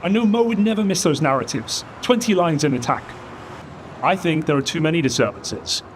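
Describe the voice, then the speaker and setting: A man's voice: fairly high pitch, expressive, brisk, a little hiss or hum. A male caster lecturing a colleague, frustrated.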